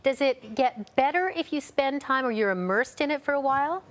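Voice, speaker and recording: A woman anchoring a news interview with bubbly enthusiasm, her voice sitting a little high. She asks her questions warmly and readily gushes over the guest. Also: lively intonation, moderate pace.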